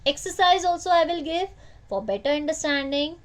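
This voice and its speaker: A woman's voice: high-pitched, expressive. A woman teacher, giving an online grammar lesson to children and repeating key points as questions to the class. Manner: slow, repetitive teacher talk with questions to the class.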